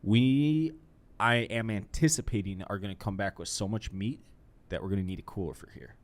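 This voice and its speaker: A young man with a lowish voice hosts a casual podcast chat. He rambles along and pokes fun at himself. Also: moderate pace. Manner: rambling, self-deprecating. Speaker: podcast host.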